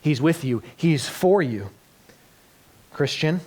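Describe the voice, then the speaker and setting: Man, pastor, sermon in a church, earnest, slightly raised pitch, rises loud then drops to a hush. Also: a little slow. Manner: earnest, swings between loud emphatic and soft hushed.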